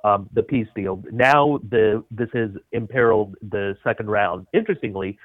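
A man's voice: fairly low pitch, moderate pace, no echo. Male radio guest on a dry, phone-like line; emphatic, scornful, full of "uh"s. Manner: emphatic, scornful, many uh fillers. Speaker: political commentator guest.

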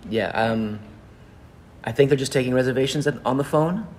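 A man's voice: mid-range voice, normal speed, a little mellow, a little hiss or hum. Chatty man promoting a show. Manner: chatty, upbeat, hesitant fillers. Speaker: show organizer. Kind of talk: casual interview chat.

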